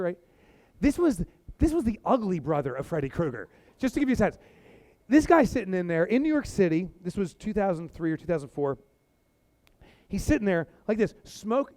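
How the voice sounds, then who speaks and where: A middle-aged man gives an energetic talk from a stage, with a high voice that swoops all over as he tells a comic story. He slips into acted-out voices for laughs, and the sound is close and dry. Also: no echo. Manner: animated, acts out voices for comic effect. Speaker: keynote speaker. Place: stage before a live audience.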